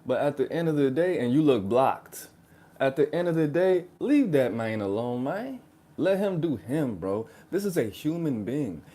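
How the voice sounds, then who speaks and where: A man with a warm, dark voice holds forth in reaction-video commentary. He rants in loose street slang, sarcastic and mocking, throwing "bro" into almost every sentence. His pitch sits in the middle of the male range. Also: sing-song, moderate pace. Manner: slangy, ranting, keeps saying "bro". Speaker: reaction channel host.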